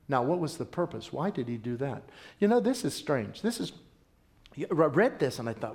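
A middle-aged male pastor preaching a sermon in an emphatic, conversational way, often jumping up in pitch and volume. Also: very animated, moderate pace, a little mellow.

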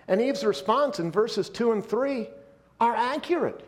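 A male pastor delivering a sermon, emphatic, slowing down and dropping his voice to stress key points. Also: high voice, expressive, darkish tone.

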